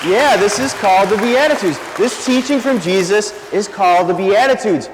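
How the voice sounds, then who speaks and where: High-voiced deacon in an echoing church. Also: male voice. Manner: playful, quizzing the congregation. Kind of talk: interactive homily with young volunteers. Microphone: handheld microphone. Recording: echoey church with long reverb.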